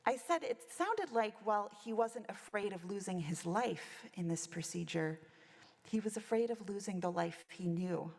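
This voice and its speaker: A woman's voice: mid-range voice, expressive, moderate pace, gravelly, darkish tone. A woman minister giving a reflective sermon, telling a story from her chaplaincy work. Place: church sanctuary. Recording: long church reverb.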